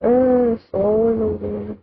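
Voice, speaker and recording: A woman's voice: a little high, level tone, slow pace, vocal fry, slightly rough. A woman hosting a let's play, musing casually and thinking aloud about the game. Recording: phone-like lo-fi mic with game music.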